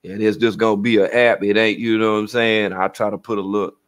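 A man hosting a livestream rants fast in a lowish voice, telling his stories profanely and animatedly while acting out quotes along the way. It's a casual livestream rant.

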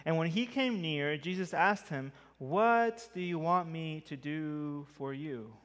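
Fairly high-voiced pastor preaching in a church. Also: male voice, slow, big-room sound. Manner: conversational preaching with lively emphasis. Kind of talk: sermon. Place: church sanctuary.

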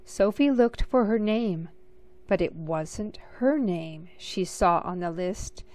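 A woman reads a picture book aloud. Her delivery is slow and expressive, in a mid-pitched voice. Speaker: storybook reader.

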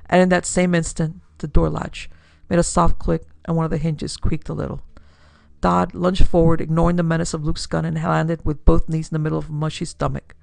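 Woman narrating a pulp thriller, gravelly. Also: sits low, little pitch movement, fairly quick, darkish tone, dry recording. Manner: dramatic storytelling, builds force in action scenes. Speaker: narrator and podcast producer. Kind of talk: audiobook narration of a pulp detective story.

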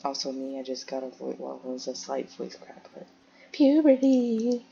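A woman's voice: rumbling low, monotone, brisk, gravelly, a little mellow, muffled recording, slight background noise. A young woman chatting casually while playing a firefighter game, making radio calls and talking to her cats.

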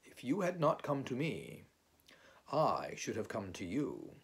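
A man's voice: mid-range voice, wildly swooping pitch, vocal fry, slightly rough, heavily acted. A man voicing a pompous old male owl who pretends to know more than he does, in a storybook reading. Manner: pompous and slow.

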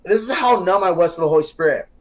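A young man on a podcast giving an earnest personal testimony, telling it as a story with quoted dialogue and growing animated at the high points. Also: fast talker. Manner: earnest, grows animated and excited when telling the climax. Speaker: podcast guest. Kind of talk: casual testimony.

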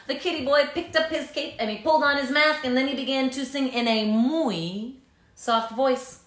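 A woman reading a picture book aloud to children, animated and coaxing them to clap and shake along. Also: sits high, normal speed, reverberant. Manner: animated, coaxing kids to join in. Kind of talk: interactive storybook read-aloud.

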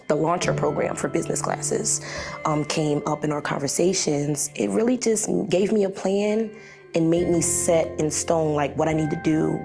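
Woman, documentary interviewee, upbeat and laughing, low-pitched, music underneath. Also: creaky. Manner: excited, laughs often. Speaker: program participant in a video.

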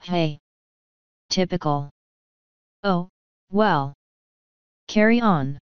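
A grumpy, world-weary middle-aged police commander grumbles in a gruff, clear voice, as a woman reading the book puts him on. The recording is dry and a little dull. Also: fairly low pitch, very slow, no room sound.

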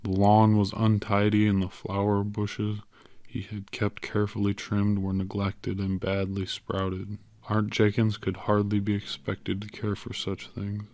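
A man reads a story aloud in a low, level voice that barely rises or falls. His delivery is measured and even, and the recording is close and dry, with no room sound. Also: no echo. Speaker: audiobook narrator. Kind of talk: scripted narration.

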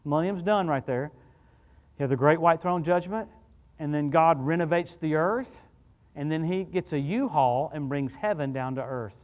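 Animated preacher in a reverberant church. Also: male voice, a little high, normal speed. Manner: storytelling, animated and conversational. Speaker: guest preacher. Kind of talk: sermon. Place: church sanctuary.

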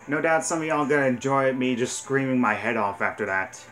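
A man commentating his arcade hunting game, excitable, cursing and yelling at the game. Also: mid-range voice, brisk, few pauses, faint music behind. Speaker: gaming channel host. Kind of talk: let's play commentary.

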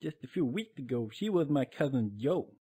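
A man voicing a crude, boastful loudmouth who swears constantly in a cartoon. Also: medium pitch, lively intonation, moderate pace, slightly rough. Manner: profane, boastful, swaggering. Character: crude, foul-mouthed loudmouth man, brash.

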